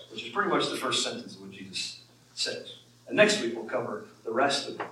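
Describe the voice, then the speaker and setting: A man's voice: mid-range voice, pushed and bright, a little hiss or hum. A man, a pastor, preaching a sermon in a conversational way that rises when he quotes scripture. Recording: echoey room from far off.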